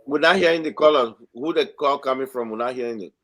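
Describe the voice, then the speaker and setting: A man's voice: mid-range voice, quick pace, a bit bright. Blunt male panelist. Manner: blunt, directing the show. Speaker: talk show panelist.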